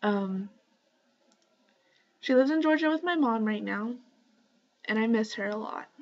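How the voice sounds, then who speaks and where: A young woman at home talking casually to her camera in a rambling shoutout vlog, full of ums and likes. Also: fairly high pitch, animated, measured pace. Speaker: vlogger. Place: home, indoors. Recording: slightly dull lo-fi webcam audio.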